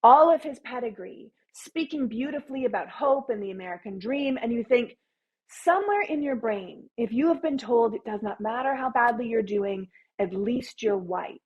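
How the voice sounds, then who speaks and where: A woman speaks with a slightly raised pitch and a husky, breathy edge. She talks as an interview guest, emphatic and opinionated, building her points in long runs. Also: expressive, moderate pace, lo-fi sound. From Canada. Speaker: podcast guest. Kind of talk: casual interview talk.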